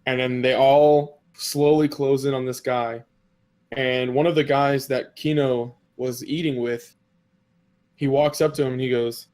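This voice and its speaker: A man's voice: mid-range voice, steady tone, measured pace, a little mellow. A man co-hosting a casual podcast, telling an anime episode's story in a rambling way with many fillers and quoted lines. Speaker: podcast co-host.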